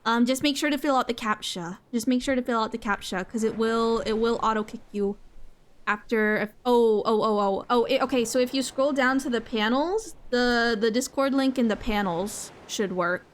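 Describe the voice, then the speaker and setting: A young woman streaming a game in casual chat, excitable, gasping often and repeating her phrases. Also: a little high, normal speed.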